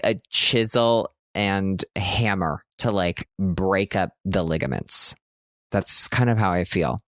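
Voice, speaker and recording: Guy rambling on his own show, lowish voice, jokey and self-deprecating, super dry mic. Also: no room sound. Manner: chatty, self-mocking, heavy use of "like". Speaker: podcast host. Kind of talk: casual rambling monologue.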